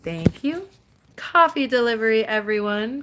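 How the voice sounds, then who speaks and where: A young adult woman hosting a casual livestream from a dark room. She chats in an animated way into her phone, laughing often and breaking into little bits of song. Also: mid-range voice, normal speed. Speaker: livestream host. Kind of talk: casual livestream chat, reading comments.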